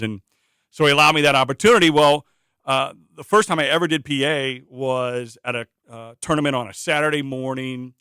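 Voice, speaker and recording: Middle-aged guest from Indiana, bright, resonant voice, chatty storyteller; dry studio sound. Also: male voice, medium pitch, fairly quick, clean tone, no room sound. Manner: animated anecdotal storyteller with frequent fillers. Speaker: interview guest, public address announcer. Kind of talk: conversational storytelling.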